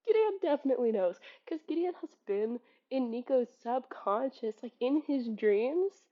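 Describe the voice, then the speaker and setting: High-voiced woman giving a lively book rant. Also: unhurried, lo-fi sound. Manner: animated and exasperated, laughs often and swears. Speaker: book reviewer. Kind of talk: casual spoken book critique.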